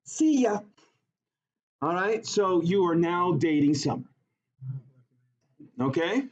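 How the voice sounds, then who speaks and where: A male teacher giving a classroom lesson, teasing his students in a joking, animated way. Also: a little high, takes it slowly. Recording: dull lo-fi classroom recording.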